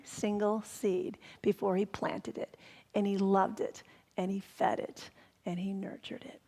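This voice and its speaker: A woman reverend giving a sermon, telling stories gently and sometimes dropping to a whisper for emphasis. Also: medium pitch, steady tone, unhurried, in a large hall. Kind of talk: sermon storytelling. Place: spiritual center hall.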